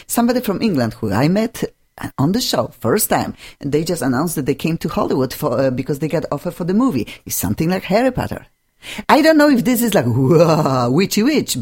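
A woman's voice: on the low side, darkish tone, husky. Effusive woman radio host with an accent. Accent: foreign accent. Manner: effusive, gushing, non-native English phrasing. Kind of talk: casual interview chat.

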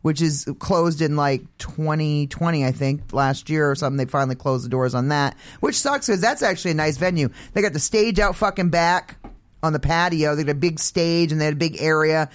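A man's voice: a little high, a little fast. A middle-aged man from Maine hosting a casual chat, rambling, swearing freely and laughing often. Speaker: host and concert promoter.

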